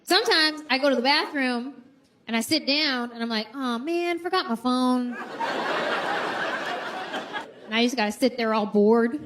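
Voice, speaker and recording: A woman's voice: fairly high pitch, fairly quick, fairly bright tone, slight background noise. A married woman comedian telling wry stand-up stories in a conversational way, acting out quotes. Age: adult, married. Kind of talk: stand-up storytelling.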